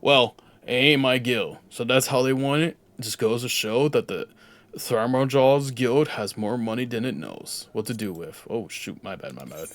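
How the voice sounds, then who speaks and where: A man's voice: mid-range voice, normal speed. A young man streaming a game, rambling casually and joking at himself. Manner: rambling, self-deprecating, reads game text aloud. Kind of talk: casual gameplay commentary.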